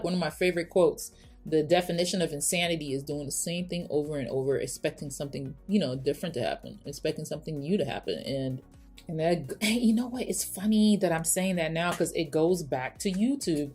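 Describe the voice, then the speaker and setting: Chatty woman doing her makeup, low voice. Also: darkish tone, slightly rough. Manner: chatty and rambling, many restarts, talks while doing makeup. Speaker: beauty YouTuber. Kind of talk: casual get-ready-with-me chat.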